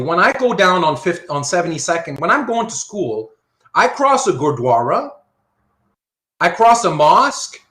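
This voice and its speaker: A man giving a philosophy lecture, animated and repetitive, often checking whether his students follow. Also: high voice, reverberant. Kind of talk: university lecture.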